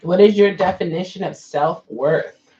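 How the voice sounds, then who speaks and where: A woman's voice: on the low side, unhurried, mellow, lo-fi sound. A woman hosting a casual livestream, chatting with viewers and coaxing them to answer her questions. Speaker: livestream host.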